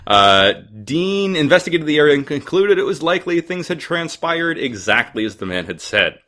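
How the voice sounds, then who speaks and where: A man's voice: on the high side, big pitch swings, normal speed, bright, forceful tone. A male podcast host reading local history notes aloud in a casual chat, dropping dry, teasing asides.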